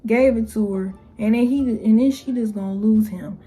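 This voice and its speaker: A young woman talking casually to camera, blunt and exasperated, with slangy phrasing and mocking quotes in a higher voice. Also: moderate pace, warm tone, breathy edge, soft background music. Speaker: YouTuber. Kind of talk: casual opinion vlog.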